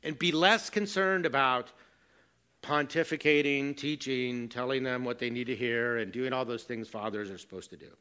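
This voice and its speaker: Bright-voiced man preaching a sermon. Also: mid-range voice, normal speed, clear, resonant tone. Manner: earnest, self-deprecating storytelling. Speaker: pastor.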